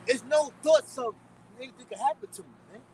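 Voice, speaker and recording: A man's voice: very high-pitched, fairly quick, darkish tone, distant mic, a little hiss or hum, poor audio. A man preaching on the street in a blunt, profane, repetitive way.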